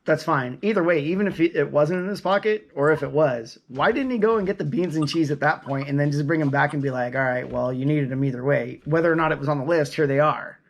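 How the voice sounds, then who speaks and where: A man's voice: a little high, quick pace, gravelly, few pauses. A man co-hosting a casual podcast chat, easygoing and steering the talk. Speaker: podcast co-host.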